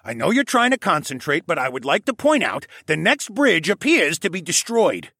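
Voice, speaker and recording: A man's voice: a little high, huge pitch swings, moderate pace, sharp tone, husky, no echo, clean studio sound, pitched above the performer's own voice, full character voice. A man voicing a mild-mannered, polite old male koala elder in an audiobook.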